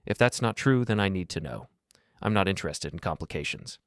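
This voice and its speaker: A man voicing a smooth-talking doctor who sounds strained and uncertain. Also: low-pitched, expressive, brisk, no echo, clean studio sound. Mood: uneasy.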